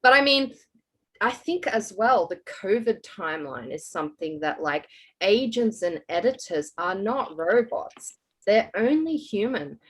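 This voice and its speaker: A woman's voice: mid-range voice, lively intonation, unhurried, husky. A woman hosting a podcast, talking in a reflective, encouraging way in a casual chat. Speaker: podcast host.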